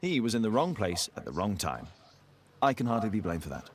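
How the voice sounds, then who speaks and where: An actor with a posh English accent playing a cool, arrogant gentleman detective in a video game, clipped and aloof. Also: lowish voice, big pitch swings, brisk, slight background noise.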